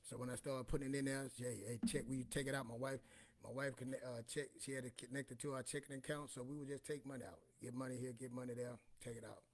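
Male host, 40s, husky voice, mid pitch, rambling casual storyteller. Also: fairly even intonation, quick pace. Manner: rambling, repeats "you know what I'm saying".

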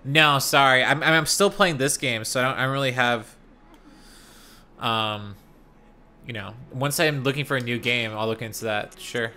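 A man's voice: medium pitch, moderate pace, sharp tone, clean tone. A man streaming a game live, casually chatting and teasing his chat. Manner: playful, teasing, reads chat aloud.

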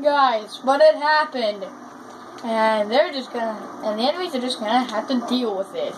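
A woman giving casual, chatty commentary while playing a shooter game, excitable and full of exclamations. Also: fairly high pitch, normal speed. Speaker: gamer. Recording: noisy gameplay capture.

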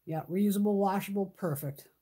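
A middle-aged woman hosting a beauty livestream, chatting casually and telling animated stories, swearing freely. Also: mid-range voice, brisk, breathy edge.

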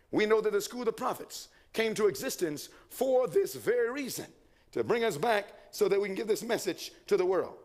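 A man preaching a sermon, asking the congregation questions, answering them himself and reading quotations aloud. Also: sits high.

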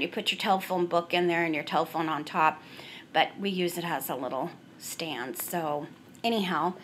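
A woman's voice: mid-range voice, pushed and bright, slight background noise. A middle-aged woman giving a casual tour of her family room, chatty and rambling, recorded on a handheld camera she carries around. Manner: chatty, rambling, frequent "so anyhow". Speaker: home decor vlogger.

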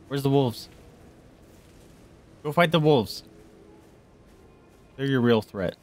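A man streaming a video game, reacting loudly and excitably: he yelps and squeals at enemies, coos at animals in baby-talk, and drops to a hush when sneaking. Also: mid-range voice, slow, long pauses, faint music behind. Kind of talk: live gameplay commentary.

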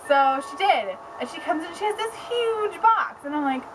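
A young woman book blogger chatting casually on camera at home, excitable and rambling, with lots of "like". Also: very high voice, moderate pace, few pauses, background noise. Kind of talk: casual vlog chat. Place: home with pets around.

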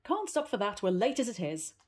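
A woman voicing an impatient aunt in a storybook reading, speaking firmly and briskly, sometimes coaxing. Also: mid-range voice, animated, a little mellow, breathy edge. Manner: snappy, firm and coaxing. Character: brisk, impatient aunt hurrying a child along.

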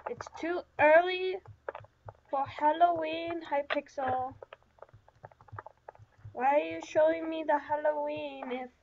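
High-voiced woman rambling through gameplay. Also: dull audio, noisy background. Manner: rambling, chatty self-talk with many fillers. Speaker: gaming channel host. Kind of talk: let's-play commentary.

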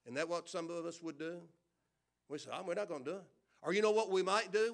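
A high-pitched male pastor delivers a church sermon. He quizzes his congregation, and every so often he swells into loud bursts of emphasis. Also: fast talker. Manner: preaching with questions to the congregation and sudden loud emphasis. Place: church service.

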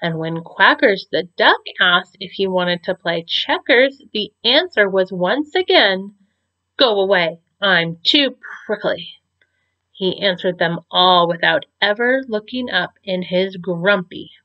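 A woman teacher reading a picture book aloud to children in a slow, expressive storytelling manner. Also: mid-range voice, dull audio.

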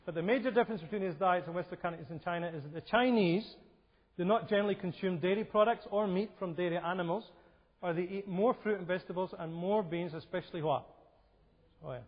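A man with a high, fast voice gives a health seminar talk in a church hall. He keeps it conversational and asks the audience questions, on a lo-fi recording with hall reverb.

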